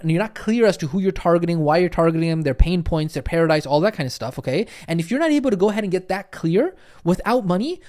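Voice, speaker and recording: A man's voice: high-pitched, darkish tone. A man giving a recorded training lecture as a business coach, emphatic and insistent, repeating his points and checking in with the listener. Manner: emphatic, insistent, keeps checking in with "okay?" and "right?"; repetitive, drives points home with conviction.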